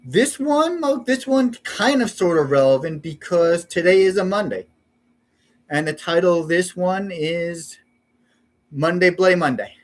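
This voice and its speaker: A man casually introducing his own song parodies, halting and correcting himself as he talks. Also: sits high. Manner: halting, self-correcting, unpolished. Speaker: amateur parody songwriter. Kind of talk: casual spoken intros between sung parodies.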